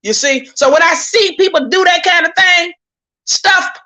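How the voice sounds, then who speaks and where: At a measured pace, this YouTube commentator speaks in a high, ringing voice that sounds pushed and bright. Her heated live-stream commentary is indignant and preachy; she drives points home again and again, stumbles over words when worked up, and keeps addressing viewers as "y'all."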